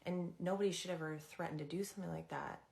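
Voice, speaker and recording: A young woman with a low voice and a gravelly, fry-laden edge. She tells stories to her live chat in a loose, rambling way, full of fillers and restarts, and breaks off to say hi to viewers by name. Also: steady tone, fast, a little mellow. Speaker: livestreamer and former teaching assistant. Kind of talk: casual storytelling to a live chat.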